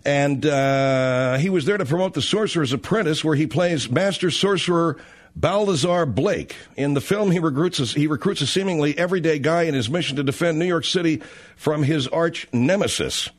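A man's voice: a little high, moderate pace. A man hosting a radio talk show in a casual, brash, teasing, rambling way.

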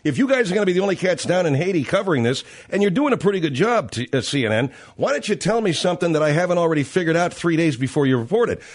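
A man hosting a talk radio show in a blunt, profane rant. His voice sits a little high and swings widely in pitch. The monologue is loose and opinionated. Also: expressive, very fast, few pauses.

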